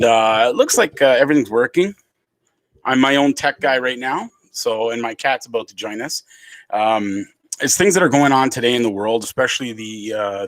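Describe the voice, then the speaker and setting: A man's voice: medium pitch, fairly bright tone, dry recording. A man from Canada hosting a casual home livestream podcast, rambling with many fillers and restarts and getting heated. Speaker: podcast host. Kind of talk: casual solo livestream talk. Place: home room.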